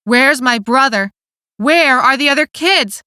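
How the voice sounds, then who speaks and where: A woman's voice: high voice, expressive, moderate pace, sharp tone, dry recording, studio quality, voice pushed up. A woman voicing an anxious, worried teenage girl who has survived a disaster. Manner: urgent, worried.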